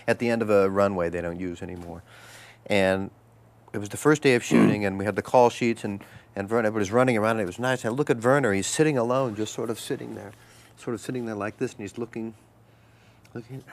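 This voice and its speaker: A man, an actor, telling anecdotes as a guest in an interview and slipping into voices. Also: lowish voice. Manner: animated storyteller, slips into voices.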